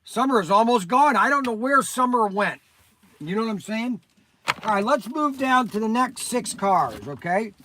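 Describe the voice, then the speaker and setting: A man's voice: high voice, animated, normal speed, noisy background. An older man hosting a casual livestream, rambling and chatty as he answers viewers by name. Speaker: toy shop host answering viewers.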